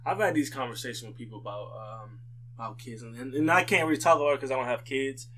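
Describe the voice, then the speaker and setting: A man co-hosting a casual podcast conversation, telling stories in an animated way and laughing often. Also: medium pitch, fast talker, slight background noise. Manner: animated storyteller who laughs often, with frequent "like" fillers. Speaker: podcast co-host.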